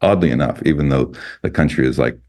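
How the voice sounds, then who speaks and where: A man in his sixties from the United States, a guest photojournalist telling animated, laughing anecdotes in casual conversation. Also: very deep voice, fast. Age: 60s. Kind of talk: casual storytelling.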